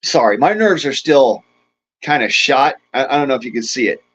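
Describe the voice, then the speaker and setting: A man's voice: mid-range voice, lively intonation, moderate pace, fairly bright tone, breathy edge. A middle-aged man hosting a livestream, ranting in a profane, agitated way, shaken and angry. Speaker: livestream host. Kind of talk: angry livestream rant and chat greetings. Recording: dull lo-fi stream audio.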